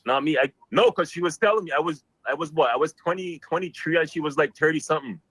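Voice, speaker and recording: A man phoning in to a talk show, telling his story loud and rowdy and repeating his lines for effect. His voice sits a bit high for a man and comes through dry, with no room sound. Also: quick pace, slightly rough, no echo, low-quality recording. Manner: rowdy, exclamatory, repeats himself. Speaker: caller. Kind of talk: animated call-in storytelling.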